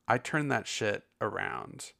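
A man talks casually as a podcast host, in a lowish voice with a gravelly edge. He rambles openly and swears freely. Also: big pitch swings, slow pace, sharp tone. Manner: profane, rambling and candid.

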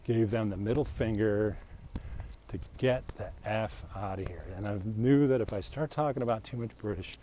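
A man's voice: fairly low pitch, normal speed, dark tone, a little hiss or hum. A middle-aged man chatting casually and opinionatedly while out on a walk, speaking into a handheld mic. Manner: opinionated, rambling, frequent laughs. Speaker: vlogger. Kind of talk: casual rant while walking. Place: outdoors on a walk.

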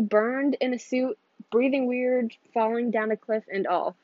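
A woman's voice: fairly high pitch, steady tone, unhurried, no room sound, highs cut off. A teenage girl hosting her own podcast, chatting casually in a rambling, giggly way that keeps interrupting itself. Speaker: podcast host. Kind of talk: casual solo podcast chat.

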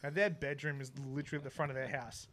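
A man's voice: medium pitch, fairly even intonation, quick pace, fairly bright tone. A young man, telling a funny story in casual chat and acting out his neighbours with laughs. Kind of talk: casual anecdote.

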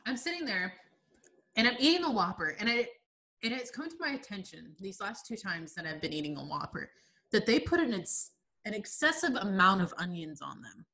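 A woman in her twenties chatting casually on a podcast, an animated storyteller who laughs often. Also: mid-range voice, moderate pace. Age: 20s. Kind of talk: casual chat.

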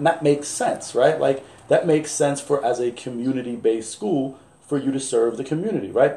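Male basketball coach in his 40s, casual, profane storyteller, mid pitch, roomy sound. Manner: animated, profane, acts out quoted exchanges. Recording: roomy echo.

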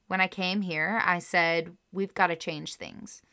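Her voice fairly low and her intonation fairly even, a podcast co-host reads a researched story and quotes aloud a little slowly, then reacts emotionally. The tone is pushed and bright, set within casual chat.

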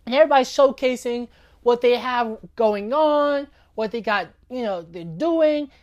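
The recording is lo-fi, and the woman's fairly high voice sounds a little mellow as she moves at a measured pace. She gives a casual, conversational faith talk, regularly asking "right?" and "you know what I'm saying?"

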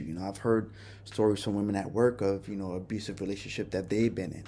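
A male podcast host telling a personal story in a halting, remorseful way, often restarting his sentences. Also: on the low side, fairly even intonation, mellow, slightly rough. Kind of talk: personal confession monologue.

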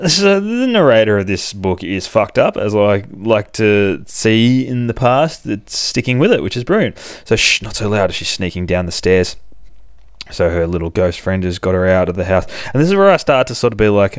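A man's voice: lowish voice, expressive, measured pace, clear, resonant tone, no echo, clean studio sound. A man hosting a podcast, casually recapping a comic book in a rambling, profane way, with lots of fillers. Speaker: podcast host.

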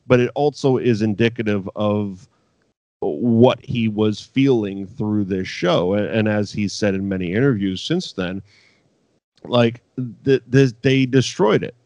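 Podcast guy cussing a lot, lively and casual, dry close mic. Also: on the low side, a little slow, no room sound. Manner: profane, animated storytelling. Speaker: podcast co-host. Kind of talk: casual chat.

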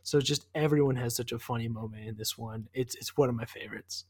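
A man's voice: mid-range voice, fairly even intonation, quick pace, a little mellow, slightly rough, no echo. A man co-hosting a podcast, recapping a TV episode in casual chat with many fillers. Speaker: podcast co-host.

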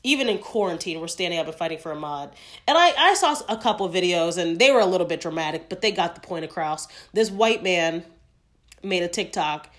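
A woman's voice: fairly low pitch, lively intonation, brisk, a bit bright. A woman hosting a solo podcast, speaking emphatically and outspokenly and swearing freely. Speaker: podcast host.

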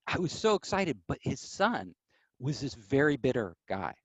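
A man telling stories as an interview guest, animated, acting out quoted voices. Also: medium pitch, normal speed, breathy edge, dry recording. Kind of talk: casual storytelling.

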